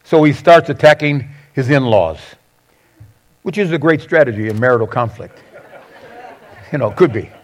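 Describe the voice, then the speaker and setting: A man preaching a sermon, conversational and animated, acting out quoted lines with sarcasm. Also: medium pitch, normal speed, long pauses. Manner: conversational with self-corrections. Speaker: pastor.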